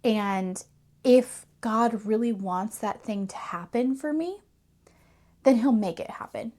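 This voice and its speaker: In a warm, mid-range voice, a faith coach who hosts a channel tells a parable as part of a teaching talk on faith. She sounds earnest and reflective, laughing from time to time.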